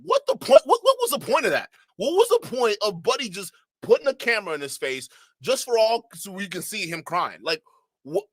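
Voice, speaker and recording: A man hosting a reaction commentary channel, animated and mocking as he talks to his chat, laughing often. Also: sits high, a little fast, slightly rough, no echo.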